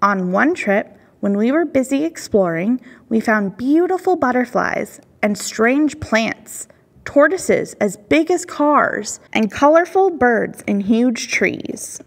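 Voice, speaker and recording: A woman reading a children's picture book aloud at a library storytime, calm and steady. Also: fairly high pitch, takes it slowly, creaky, big-room sound.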